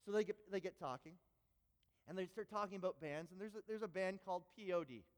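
A man preaching a sermon and telling a story, animated and often repeating words when he gets excited. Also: sits high, fast talker. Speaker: pastor. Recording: long hall reverb.

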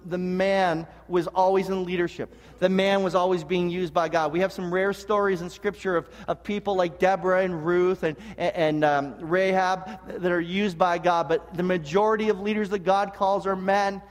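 A man with a high voice preaches a sermon, earnest and animated, stumbling into restarts and dropping in jokes. His voice rings out with a long reverb from a church sanctuary. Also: moderate pace, few pauses. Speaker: pastor. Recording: long reverb of a large hall.

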